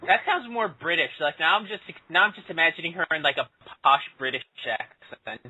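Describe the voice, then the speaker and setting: Playful male panelist, bright and animated, dull lo-fi sound with faint hiss. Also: on the high side, brisk. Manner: playful, slips into joking voices. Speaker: podcast panelist. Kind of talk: casual group chat. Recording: dull lo-fi audio with faint noise.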